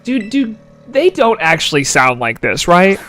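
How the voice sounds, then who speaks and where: A man's voice: high voice, very animated, unhurried, fairly bright tone, faint music behind. A man in his twenties streaming a game live, chatting casually, giggling and answering chat aloud. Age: 20s. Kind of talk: casual gameplay commentary.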